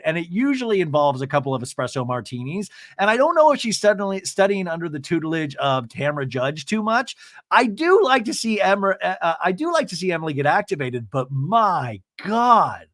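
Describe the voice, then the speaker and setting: A man hosting a podcast, recapping a reality show in casual, animated chat with jokey asides. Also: high-pitched, fairly quick, dry recording, clean studio sound. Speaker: podcast host.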